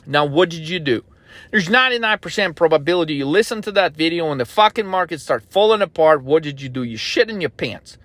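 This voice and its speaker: A man's voice: a little high, lively intonation, a little fast, fairly bright tone, dry recording. A man working as a trading coach, lecturing aggressively in a profane motivational rant.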